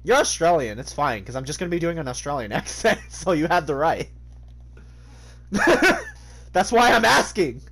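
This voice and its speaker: Streaming a game, a man jokes around, swears a lot and laughs often in casual gaming commentary. His slightly high, sing-song voice is fairly bright, moving at a moderate pace with long pauses.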